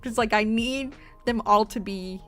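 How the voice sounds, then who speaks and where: A woman's voice: a little high, a little slow, fairly bright tone, soft background music. A sleepy woman streamer chatting casually with her viewers, rambling and giggling between fillers.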